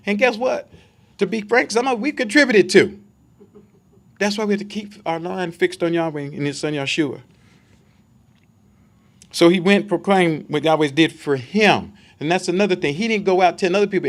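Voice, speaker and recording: A man giving a conversational Bible study sermon, emphatic and full of rhetorical questions for his listeners. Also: sits high.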